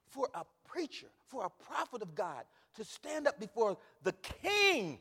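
A male pastor preaching a sermon, swinging from hushed asides to shouted calls. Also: extremely high pitch, sing-song, unhurried, hardly any pauses, breathy edge, in a large hall.

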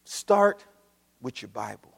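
A man preaching a sermon to his church, swinging from quiet, low passages up to loud, shouted ones. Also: very animated, slow pace, vocal fry, slightly rough. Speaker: pastor. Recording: long hall reverb.

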